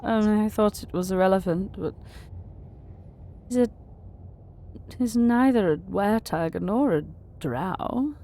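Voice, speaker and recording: Woman doing a snake lady, soft-spoken, slow, hushed, tabletop game. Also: mid-range voice, natural voice. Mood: wistful. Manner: slow, soft, drops to a hush.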